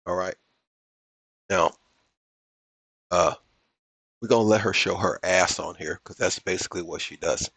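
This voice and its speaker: A man's voice: low-pitched, a little slow, creaky, pauses often, fairly bright tone, husky, dry recording. A man hosting a reaction commentary, talking in a blunt, mocking, slangy way. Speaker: commentary host.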